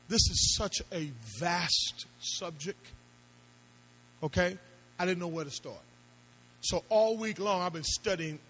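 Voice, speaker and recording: A man preaching a sermon as pastor, firing off rhetorical questions and rising into shouted appeals. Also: high voice, a little hiss or hum, rough recording.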